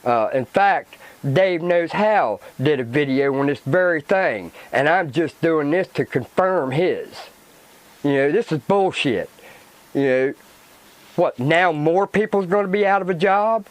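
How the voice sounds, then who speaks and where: A man vents on his own channel, angry and swearing freely. He talks slowly, and his fairly high voice swings widely as his temper flares. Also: animated, rough recording. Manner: swearing, agitated ranting with repetition. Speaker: channel host. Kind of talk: angry vlog rant.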